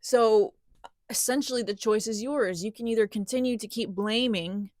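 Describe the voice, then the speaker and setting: A woman's voice: on the high side, moderate pace, a little mellow, no echo, clean studio sound. A woman giving an impassioned spiritual talk to camera, earnest and emphatic, acting out the doubting voice of her listener. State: out of breath. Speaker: spiritual teacher.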